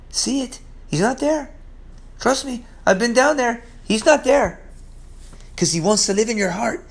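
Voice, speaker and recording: Animated preacher man, rather high voice. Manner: animated, swings from loud exclamations to low hushed asides; reads scripture aloud and comments on it. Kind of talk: sermon.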